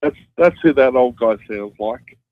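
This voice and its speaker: A man's voice: mid-range voice, unhurried, no room sound, phone-quality sound. A man calling in to a radio show, chatty and musing. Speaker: caller. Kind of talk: phone-in comment.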